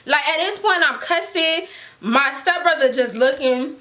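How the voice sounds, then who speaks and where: Lively bright-voiced young woman telling a story. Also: high-pitched, measured pace, slight background noise. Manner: animated, slangy, laughs often, acts out quotes. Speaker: storytime vlogger. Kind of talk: casual storytelling.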